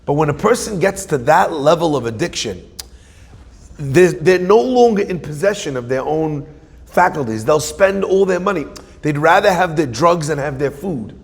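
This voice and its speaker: Rabbi guy preaching, kinda high gravelly voice, big echoey hall, gets loud then goes quiet. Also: moderate pace. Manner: storytelling, emphatic, animated swings between loud and hushed. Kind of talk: sermon. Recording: long hall reverb.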